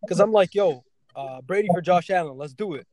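A man co-hosting a casual podcast chat, excitable and quick to chime in. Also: high-pitched. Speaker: podcast co-host.

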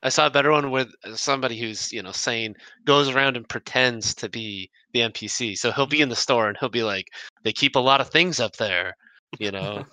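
Male podcast guest, bright voice, wry jokester. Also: mid-range voice, a little fast, no room sound, rough recording. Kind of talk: casual chat.

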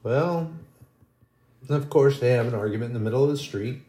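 Male preacher, folksy and rambling storyteller, mid pitch, recorded with room echo. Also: moderate pace, warm tone. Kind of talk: storytelling sermon.

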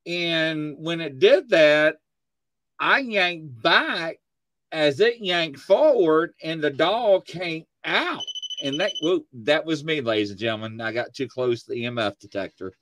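Animated male talk show host. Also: on the high side, unhurried, no room sound. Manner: animated storyteller, acts out quotes. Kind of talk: casual chat. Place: home studio.

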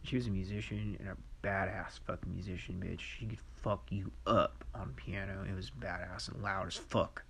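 Podcast host, male, gravelly and low, rambling and profane, faint background hiss. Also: steady tone, moderate pace, hardly any pauses, fairly bright tone. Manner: profane, rambling and scattered, laughing to himself. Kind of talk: rambling monologue.

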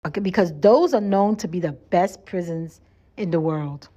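A woman's voice: fairly low pitch, normal speed, mellow, lo-fi sound, lightly acted. A woman quoting a friendly, laid-back male taxi driver in a casual, matter-of-fact way.

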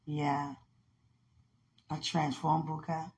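A woman's voice: sits low, flat delivery, very slow, darkish tone, slightly rough. A woman hosting a podcast, mixing casual prayer with playful, teasing banter and frequent laughter. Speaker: podcast host.

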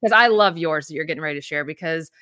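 A woman's voice: deep voice, fast, pushed and bright, no echo, clean studio sound. A woman co-hosting a podcast in casual chat, talking freely with lots of swearing and emphatic reactions. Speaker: podcast co-host.

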